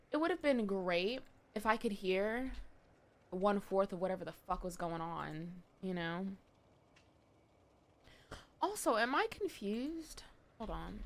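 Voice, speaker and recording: A woman's voice: mid-range voice, fairly bright tone. A young woman streaming live, chatting casually with her viewers and reading chat aloud, swearing now and then.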